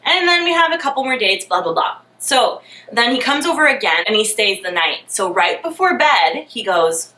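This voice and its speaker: A young woman telling a dating story in a storytime vlog, animated, sarcastic and self-mocking. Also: fairly high pitch, normal speed. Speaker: vlogger. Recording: roomy, mic at a distance.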